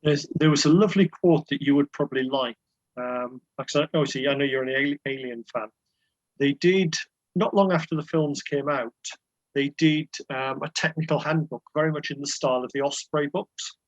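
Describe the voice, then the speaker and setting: A man's voice: fairly high pitch, moderate pace, no echo. A man interviewing a guest in a friendly, hesitant way, with many ums and restarts. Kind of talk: conversational interview. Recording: dry, dull lo-fi mic.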